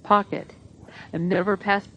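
A woman reading a spiritual talk aloud at a gathering, in a measured, earnest voice. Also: medium pitch, fairly even intonation, fairly bright tone, highs cut off, slight background noise.

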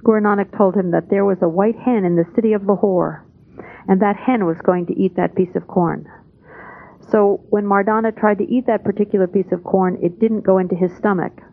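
A woman giving a spoken translation of a spiritual talk in a calm, measured, plain way. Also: medium pitch, creaky. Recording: tinny, phone-like old tape.

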